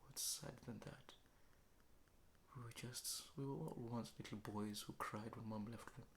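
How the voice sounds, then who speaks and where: A man from Kenya, talking slowly and reflectively in a late-night confessional monologue at home, often dropping into a whisper. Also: mid-range voice, vocal fry, a little hiss or hum. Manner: slow, reflective, often sinking to a hushed whisper. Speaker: vlogger. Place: apartment indoors.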